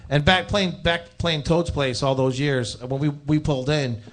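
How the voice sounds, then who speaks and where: A man's voice: fairly high pitch, unhurried. A man guest from a band, casually telling stories about their gigs. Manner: relaxed, chatty, filler-heavy. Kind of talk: casual interview storytelling.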